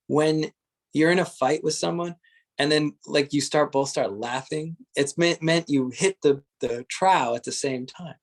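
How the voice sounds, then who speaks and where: A man leading a guided meditation, speaking in slow, gentle, searching phrases and often laughing softly. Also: on the high side. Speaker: meditation teacher.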